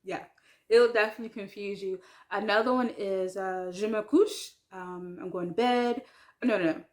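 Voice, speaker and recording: A woman's voice: medium pitch, fairly even intonation, a little mellow. Chatty woman learning French. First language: English. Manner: chatty, self-deprecating, many ums and likes, slow careful French words. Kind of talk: casual talk to camera.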